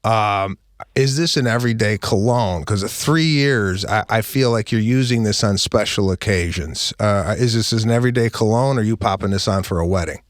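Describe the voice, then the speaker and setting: Joking radio host, dry close mic. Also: male voice, fairly low pitch, normal speed, dry recording. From Midwestern United States. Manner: joking, animated, storytelling. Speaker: comedian host. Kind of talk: casual radio banter.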